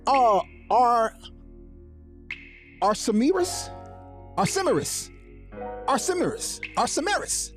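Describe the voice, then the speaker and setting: A man's voice: high voice, very animated, moderate pace, over music. A man hosting a live online show, talking to viewers and greeting them by name in a sing-song way. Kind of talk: live-stream talk with viewer shout-outs.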